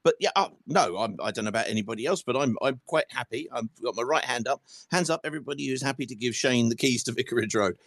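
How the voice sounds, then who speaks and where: Gravelly-voiced football podcast host. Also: male voice, medium pitch, fast talker, hardly any pauses, fairly bright tone, no room sound, studio quality. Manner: chatty, self-mocking, sweary banter. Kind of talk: casual football phone-in chat.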